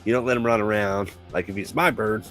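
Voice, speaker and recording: A man's voice: lowish voice, steady tone, fairly quick, a bit bright, faint music behind. A man in casual chat on a live show, telling long stories and laughing often.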